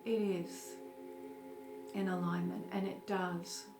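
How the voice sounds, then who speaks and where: A woman leading a guided meditation in a slow, gentle, soothing way. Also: on the low side, little pitch movement. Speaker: meditation teacher. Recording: roomy with music behind. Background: soft music.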